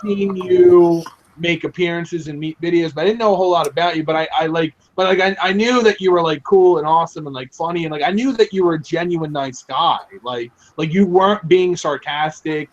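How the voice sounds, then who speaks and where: Man, high voice, animated storyteller, swears a lot, lots of fillers, dull lo-fi audio. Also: fairly quick. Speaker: live stream co-host. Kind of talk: casual chat.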